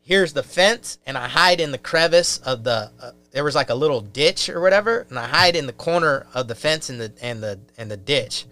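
A young man telling a story in casual chat, profane and animated, acting out the voices of the people in it. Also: mid-range voice, brisk, hardly any pauses.

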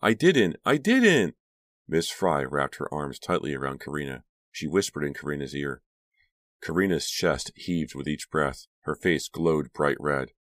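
Audiobook narrator: deep-voiced man, steady and measured, dry booth sound. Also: no room sound. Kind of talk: scripted narration.

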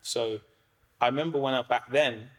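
A man's voice: mid-range voice, normal speed. Slangy, rambling man. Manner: slangy, rambling, many fillers and "do you know what I mean". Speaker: comedian guest. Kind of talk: casual podcast chat.

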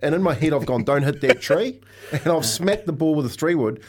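A man on a radio studio mic spins a golf story in easy chat, his voice sitting a little higher than most men's. He laughs his way through the tale. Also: animated, fairly quick. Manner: laughs often while telling stories. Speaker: radio co-host. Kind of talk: casual studio chat, telling anecdotes.

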